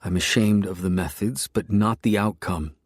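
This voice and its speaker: A male narrator reads a first-person dark romance story in a very low voice, brooding and intense at a moderate pace. The recording is dry and close-miked, with no room sound.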